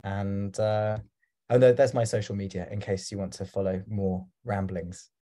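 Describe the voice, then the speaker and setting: A man's voice: lowish voice, level tone, moderate pace, mellow. A man giving a talk over a video call, rambling and hesitant with many fillers. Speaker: guest speaker.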